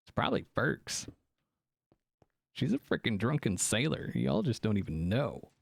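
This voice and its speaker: A man's voice: fairly low pitch, a little slow, gravelly, husky, no echo. Guy streaming and joking with chat, voice bouncing up and down a lot, dry close mic. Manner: animated, joking, reacting to chat. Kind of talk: casual live-stream chat.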